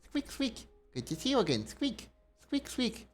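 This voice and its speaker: A man voicing a small, timid, polite mouse-like creature from a game, adding little squeaks between lines. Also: huge pitch swings, moderate pace, faint music behind, heavily acted. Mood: squeaky polite. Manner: high squeaky voice punctuated by squeaks. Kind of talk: reading game dialogue aloud in character.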